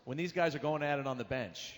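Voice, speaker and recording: A man's voice: mid-range voice, quick pace. A man moderating a fan panel, asking the panelists questions in a playful, teasing way. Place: stage in a large convention hall. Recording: reverberant convention hall.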